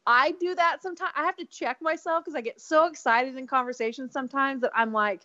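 A woman co-hosting a podcast, telling a gossipy story in animated casual chat and laughing often. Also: high voice, a little fast, dry recording, highs cut off. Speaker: podcast co-host.

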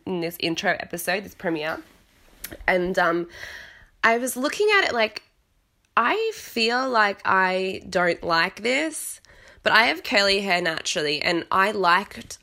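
A woman's voice: lowish voice, pushed and bright. A woman recapping a reality show at home, talking in a frank, chatty way and swearing casually. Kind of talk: casual chat. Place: home with cats nearby.

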